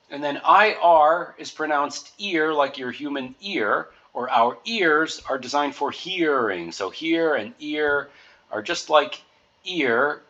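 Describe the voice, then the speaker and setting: A man slowly talking through a pronunciation guide, giving patient explanations with everyday example words. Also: a little high, bright, forceful tone. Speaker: music teacher. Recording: dull lo-fi recording.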